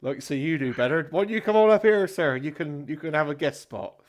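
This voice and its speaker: A man's voice: fairly high pitch, fast talker, voice pushed up, natural voice. A man voicing a cheesy male tavern comedian who delivers puns like a showman. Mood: showy. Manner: brash, punchy stage delivery.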